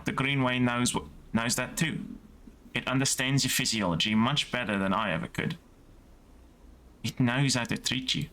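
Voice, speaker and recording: Reading game dialogue aloud, a man voices an elderly female gardener-scientist in a put-on Welsh accent, speaking softly and earnestly. His voice is mid-range and lightly acted.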